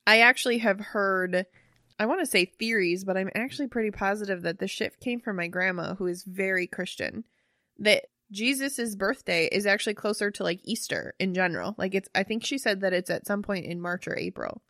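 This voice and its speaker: An excitable young woman co-hosts a casual conversation, jumping in with curious questions. Her voice sits at a middling pitch and is recorded close and dry, without any room sound. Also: brisk, no echo. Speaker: podcast co-host. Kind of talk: casual chat.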